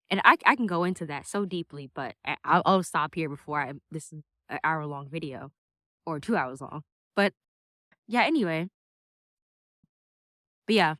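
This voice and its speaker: A woman's voice: fairly low pitch, fairly bright tone, dry recording, clean studio sound. A young woman talking casually to a camera on a stand, chatty, laughing often and restarting her sentences. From United States. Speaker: vlogger.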